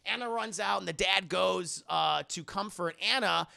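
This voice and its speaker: A man's voice: sits high, moderate pace, vocal fry, pushed and bright. A young man streaming a casual, profane movie recap while talking to his chat.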